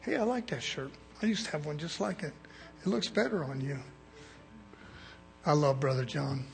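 A man's voice: a little high, animated, normal speed, vocal fry, soft background music. A man preaching a sermon in a folksy, blunt way, calling for amens from the congregation.

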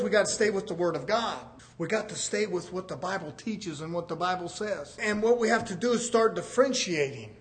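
High-voiced fervent preacher man. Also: a little fast, few pauses. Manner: fervent, repetitive "brothers and sisters", rising to shouts. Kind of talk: sermon.

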